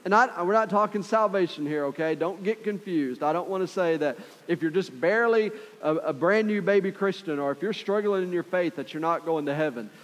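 Male pastor, conversational sermon, slightly high voice, church with long reverb. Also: fairly quick.

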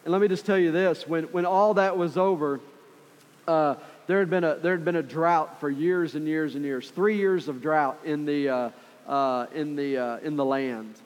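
A man's voice: fairly high pitch, fairly even intonation, moderate pace, lo-fi sound. A man preaching a sermon with passion, repeating phrases for emphasis and acting out voices from the story. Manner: impassioned, repetitive, acts out quoted voices. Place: church sanctuary. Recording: reverberant hall with faint music.

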